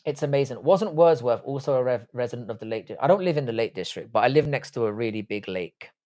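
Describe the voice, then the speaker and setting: A young man with a British accent chats loosely on a livestream, his voice sitting at an ordinary middle pitch. He is blunt and sweary but relaxed as he reads out viewer comments. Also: fast. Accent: British English. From England. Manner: blunt, sweary, laid-back banter. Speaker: livestream host. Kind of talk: casual live chat reading viewer comments.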